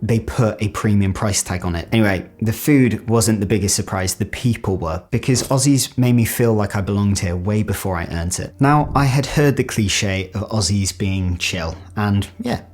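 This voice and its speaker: A young man from the UK with a British accent talks straight to camera in a relaxed vlog. His voice sits low and his delivery is animated and chatty, with lots of casual fillers. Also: normal speed, few pauses. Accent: British English. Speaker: vlogger.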